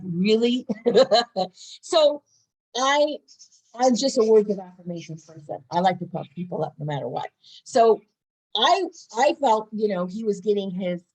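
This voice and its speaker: A woman's voice: lowish voice, darkish tone, low-quality recording. A woman in her thirties talking casually to camera in a bubbly, upbeat, chatty way. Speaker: wellness vlogger.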